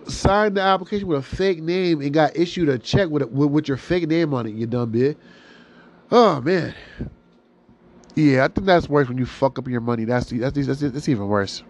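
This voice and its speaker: Male podcast host, solo vent, swearing a lot, exasperated, pitch swinging up and down. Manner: profane, exasperated, ranting. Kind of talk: solo venting rant.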